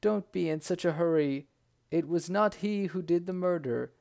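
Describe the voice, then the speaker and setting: A man voicing a rash, hot-tempered male purveyor who shouts and confesses dramatically. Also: on the high side, moderate pace, gravelly. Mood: desperate.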